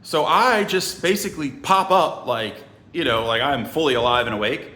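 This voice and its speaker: A middle-aged man casually telling a story, animated and profane, who acts out the other people's voices. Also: a little high, normal speed, reverberant. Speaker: sales trainer telling a story.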